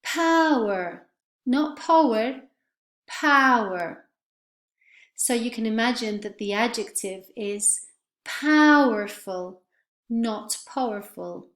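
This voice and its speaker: A woman teaching English pronunciation, modelling words and sentences slowly and clearly for her students. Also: fairly high pitch, echoey room. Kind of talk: online pronunciation lesson.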